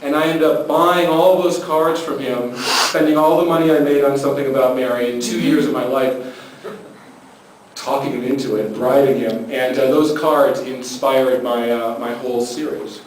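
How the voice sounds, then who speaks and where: A man's voice: medium pitch, steady tone, normal speed. A man from California telling a comic story to a live audience as a panel speaker, acting out the dialogue in put-on voices. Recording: echoey hall from far off with faint noise.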